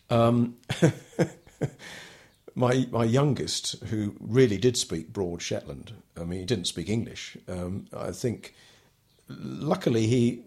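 A man's voice: on the low side, darkish tone, husky. An older man telling his story in an interview, talking hesitantly with many ums and restarts. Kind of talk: relaxed oral history interview.

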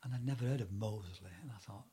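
A man's voice: fairly low pitch, fast, warm tone, breathy edge. An older man from England telling anecdotes in an oral history interview, rambling with many fillers and bursts of laughter. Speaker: interviewee recalling Antarctic fieldwork.

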